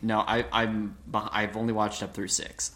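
A man in a casual chat with friends about a film, teasing them but quick to apologize. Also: on the low side, level tone, a crowd in the background.

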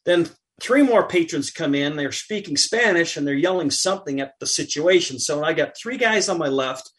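A middle-aged man talks casually on a podcast, his voice sitting a bit high for a man. He tells his anecdote with energy and acts out each character's lines as he goes. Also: moderate pace. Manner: animated anecdote telling with acted-out quotes. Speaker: podcast guest. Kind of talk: casual chat, storytelling.

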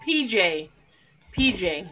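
A woman's voice: mid-range voice, sing-song, slow pace, pushed and bright. A young woman in casual chat, brash and teasing, with a lot of swearing.

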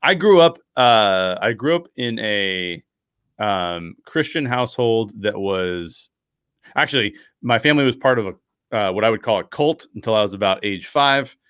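A man in his thirties, a podcast host telling a personal story with lively acted-out quotes and frequent restarts. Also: fairly low pitch, normal speed, smooth, no echo, studio quality. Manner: animated storyteller acting out quotes, many restarts.

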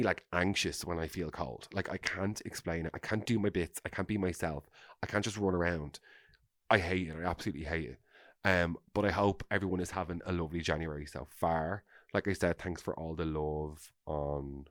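A low-pitched man hosts a chatty podcast, gushing and exclamatory as he reacts. His voice sits deep and the sound is close and dry, with no room around it. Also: no echo. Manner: gushing, exclamatory, says "amazing" a lot. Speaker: podcast host. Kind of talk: casual chat.

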